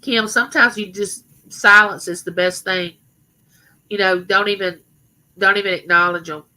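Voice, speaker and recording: Chatty woman with a rough, bright voice. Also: medium pitch, fairly even intonation, moderate pace, rough recording. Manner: rambling, chatty, addresses viewers directly. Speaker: livestream host. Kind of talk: casual live stream chat.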